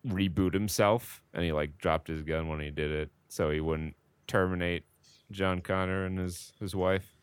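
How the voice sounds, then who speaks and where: A man's voice: deep voice, steady tone, normal speed, clean tone, dry recording. A man co-hosting a podcast, speaking in a dry, wry, matter-of-fact casual chat. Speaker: podcast co-host.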